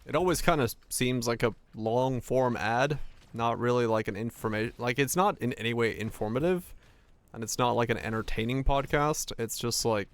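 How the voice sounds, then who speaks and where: A man's voice: medium pitch, normal speed. A young man chatting casually while gaming, rambling in a profane way with lots of stammered restarts. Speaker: streamer.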